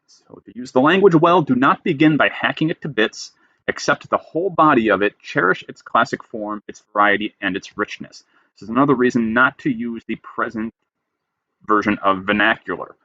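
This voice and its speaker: In a lo-fi, echo-free recording, a writing instructor with a bright, forceful mid-range voice moves at a moderate pace. He reads a style rule, then unpacks it plainly and with emphasis, lecture-style.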